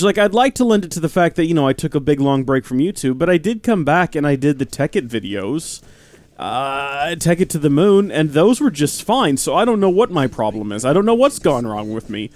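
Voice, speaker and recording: A man rambles through casual gameplay commentary, often poking fun at himself. His voice sits a bit high, and the sound is dry and close, with no room echo. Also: sing-song, brisk, a little mellow. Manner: rambling, self-deprecating. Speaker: let's play host.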